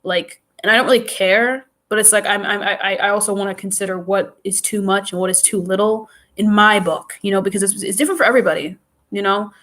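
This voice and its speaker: A New York woman rambles through a casual live stream, her voice stuffy from a runny nose. Chatty and loose, she often restarts sentences and circles back with filler words. Her mid-range voice is fairly bright, at a quick pace.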